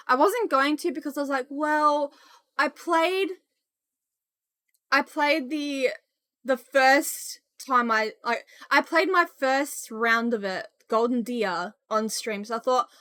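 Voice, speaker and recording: A young woman live-streaming a game, chatting loudly and excitedly with her viewers. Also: high-pitched, dry recording. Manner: excitable, loud, bursts into squeals greeting chat. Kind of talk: casual live-stream chat while gaming.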